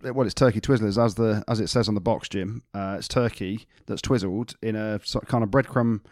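A man's voice: on the low side, fairly even intonation, fairly quick, darkish tone, no echo, clean studio sound. A man co-hosting a podcast in casual chat, telling cheeky anecdotes with animation. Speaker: podcast co-host.

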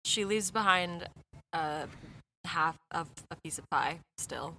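A woman playing a tabletop game, talking in a quick, offhand way. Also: on the low side, bright, forceful tone, slight background noise, rough recording. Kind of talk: casual in-character play.

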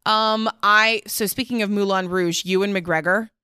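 A woman's voice: medium pitch, unhurried. A woman hosting a podcast, chatting frankly and expressively with plenty of swearing. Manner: blunt, expressive and profane. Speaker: podcast host. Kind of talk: frank casual chat.

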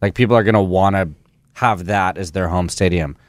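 A man's voice: low voice, fairly quick, no room sound, clean studio sound. A man co-hosting a morning radio show, teasing and laughing through casual banter.

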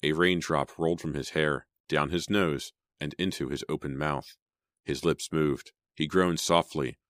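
A man's voice: a bass voice, fairly even intonation, measured pace, fairly bright tone, no echo, studio quality. A man reading a horror audiobook in a dramatic, suspenseful storytelling style. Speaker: audiobook narrator. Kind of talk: scripted audiobook narration.

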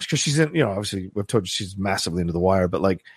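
A man co-hosting a podcast in casual chat, animated and swearing casually. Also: low voice, racing, husky, dry recording. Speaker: podcast co-host.

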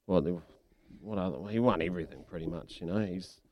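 A man's voice: sits low, fast talker, a little mellow, no room sound. A man hosting breakfast radio from a studio, chatty and laughing often. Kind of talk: casual radio banter.

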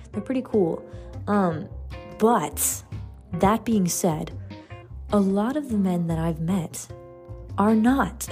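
A woman's voice: on the low side, mellow. Rambling, swearing young woman podcaster. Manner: candid, rambling, swears freely with frequent fillers. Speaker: podcast host. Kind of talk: casual solo podcast chat.

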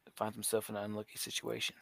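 A man appears as a podcast guest, pitched a little low with a bright, forward tone. He weighs his choices slowly, and the sound is dry and close. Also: completely flat delivery, vocal fry, dry recording. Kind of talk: casual podcast chat.

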